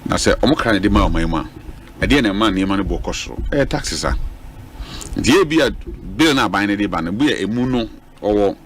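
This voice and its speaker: A man talking on a radio panel, lively and switching between Twi and English. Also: on the low side, brisk.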